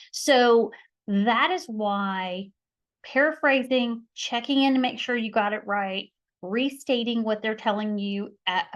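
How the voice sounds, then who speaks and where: A middle-aged woman mediator teaching conflict skills, stressing her points by repeating key phrases. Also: medium pitch. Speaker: mediator and conflict resolution instructor. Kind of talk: podcast teaching talk.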